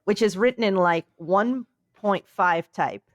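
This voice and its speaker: A woman's voice: medium pitch, measured pace, no room sound. A sleepy woman talks loosely on a podcast, wandering through a story and slipping into goofy voices for the people in it. Her sound is close and dry, with no room around it. She keeps the tone casual and comedic. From United States. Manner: rambling, playful, acts out quotes in silly voices. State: tired and sleepy. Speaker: podcast co-host.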